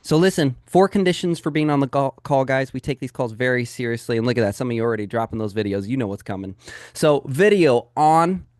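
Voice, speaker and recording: Energetic and emphatic, this male real estate sales coach speaks briskly in a mid-range voice during a live training webinar. The sound is dry and close with no room echo, and he talks straight to his viewers.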